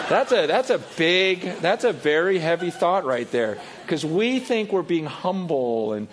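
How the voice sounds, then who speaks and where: A middle-aged pastor preaching a sermon, animated, acting out voices, sometimes dropping to a quiet confessional tone. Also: male voice, normal speed. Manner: animated, acts out voices with rising pitch and loudness.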